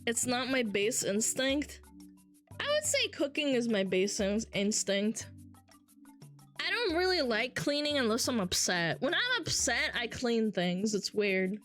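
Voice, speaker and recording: A woman's voice: on the high side, sing-song, a little slow, fairly bright tone, faint music behind. A woman streamer chatting casually with her live chat, brash and swearing freely as she reads messages aloud.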